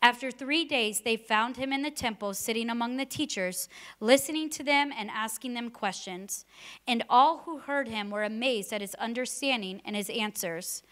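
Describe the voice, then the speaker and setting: A woman's voice: a little high, moderate pace, a bit bright. A woman preaching a sermon in a conversational way, mixing scripture with personal stories and rhetorical questions.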